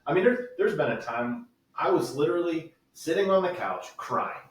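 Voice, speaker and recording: A man's voice: on the high side, animated, normal speed, far from the mic. A man talking frankly in a casual podcast conversation, swearing freely and telling stories with energy. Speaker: podcast guest. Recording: echoey room, voice off the mic.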